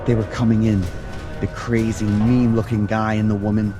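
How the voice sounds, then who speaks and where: A man's voice: lowish voice, little pitch movement, normal speed. A man in his thirties telling a scripted first-person horror story in a casual, slangy way. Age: 30s. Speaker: narrator. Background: background music.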